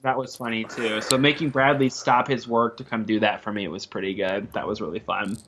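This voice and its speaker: A man as a podcast guest, telling lively stories in casual chat and often laughing. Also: lowish voice, fairly quick, slight background noise. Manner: animated, laughs often, acts out quoted coworkers. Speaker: podcast guest, former video editor.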